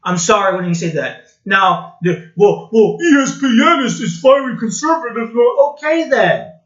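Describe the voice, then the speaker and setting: Brief: mocking male vlogger, blunt rant, higher voice, slightly muffled sound. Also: animated, moderate pace, fairly bright tone. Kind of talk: sarcastic commentary rant. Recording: dull, roomy home recording.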